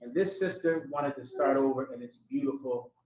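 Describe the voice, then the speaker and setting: A man hosting a live class, giving emphatic, preachy commentary in a loud, street-talking manner. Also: mid-range voice, moderate pace, heavy background noise. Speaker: host teaching a class. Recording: echoey, muffled room sound.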